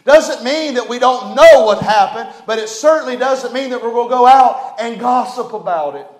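A man preaching a sermon as pastor, fervent and folksy, swinging from loud declarations to hushed, low passages. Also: moderate pace, echoey room. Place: church sanctuary.

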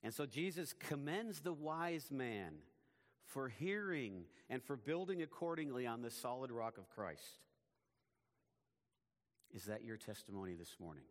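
A man preaching a sermon as pastor, in a measured, emphatic way, his phrases often falling away at the ends. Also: on the low side, long reverb tail.

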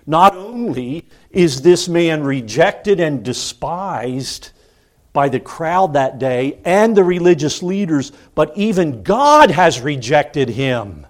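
A man preaching a sermon, building to loud cries and then dropping to hushed, solemn tones. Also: a little high, very animated, slow.

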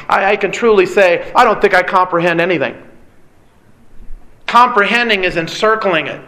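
Bright-voiced earnest man preaching. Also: sits high, low-quality recording. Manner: earnest, emphatic preaching with pauses and repetition. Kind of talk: sermon.

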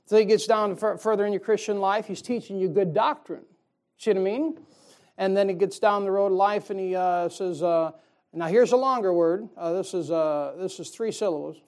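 A man's voice: sits high, vocal fry, a little mellow. A middle-aged male pastor preaching a sermon in a folksy, joking way, often asking the congregation "amen?". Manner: folksy, jokey preaching with call-and-response "amen".

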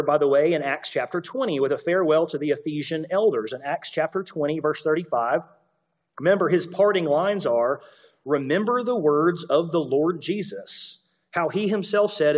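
A man's voice: fairly high pitch, darkish tone, lo-fi sound. A man preaching a sermon, explaining scripture in a conversational teaching manner with asides and repeated points. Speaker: pastor.

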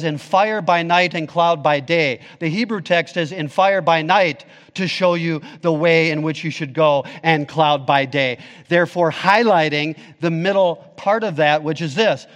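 A man's voice: on the high side, fairly bright tone, in a large hall. A man pastor preaching a sermon emphatically, rising and falling in intensity.

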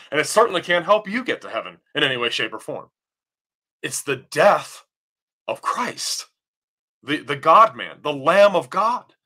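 Guy preaching a sermon, really bright sharp voice, asks then answers, gets loud on the big points. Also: on the high side. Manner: emphatic, rising to near-shouts on key points. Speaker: pastor.

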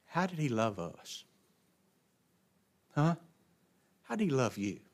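A man preaching a sermon, asking rhetorical questions and answering them, swinging from hushed drops to emphatic bursts. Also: medium pitch, very animated, takes it slowly.

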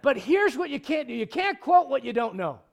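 A middle-aged man pastor preaching a midweek Bible study sermon, animated and conversational, with joking asides to the congregation. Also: creaky. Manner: animated preaching, bursts of high-pitched emphasis, quick asides.

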